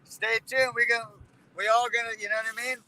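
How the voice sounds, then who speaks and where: High, bright-voiced man on a call. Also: level tone, quick pace, no echo, rough recording. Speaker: guest fighter. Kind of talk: casual chat over a call. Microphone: remote call connection.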